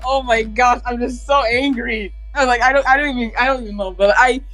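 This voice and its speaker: Woman, fairly high voice, excitable, squeaks up in disbelief, voice-call chat. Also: brisk, soft background music, rough recording. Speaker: panel guest. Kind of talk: casual reaction rant.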